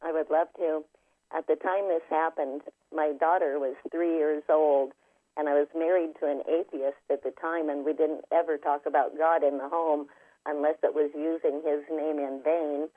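A woman's voice: low-pitched, steady tone, moderate pace. Woman telling her story over a tinny phone line. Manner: vivid, detailed first-person storytelling. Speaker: guest, spiritual healer and author. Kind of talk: storytelling in an interview. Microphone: telephone.

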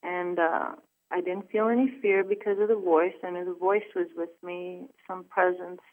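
A woman's voice: on the low side, little pitch movement. Earnest woman on a tinny phone line. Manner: earnest, halting with fillers. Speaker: phone-in guest. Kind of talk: personal storytelling.

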